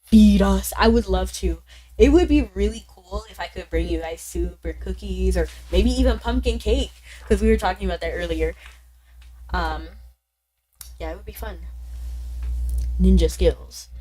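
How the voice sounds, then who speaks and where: A woman's voice: normal speed, warm tone, low-quality recording. Bubbly, chatty woman streamer. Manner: bubbly, chatty, with sudden high exclamations. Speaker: game streamer. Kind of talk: casual gaming stream chat.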